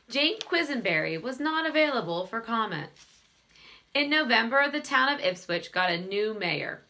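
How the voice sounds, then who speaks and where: A woman's voice: mid-range voice, sharp tone. A woman reading a children's novel aloud, giving the dialogue a light touch of character voice. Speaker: reader.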